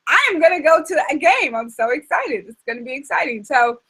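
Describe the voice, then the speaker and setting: Host: woman, high bright voice, opinionated, casual and emphatic. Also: animated, a little fast, low-quality recording. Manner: emphatic, opinionated, lots of fillers. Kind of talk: casual chat show.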